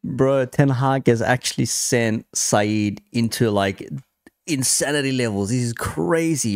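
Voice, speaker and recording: A man's voice: medium pitch, dry recording, clean studio sound. A man hosting a reaction channel, talking casually and with amusement about football fan clips. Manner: conversational, amused, quick asides.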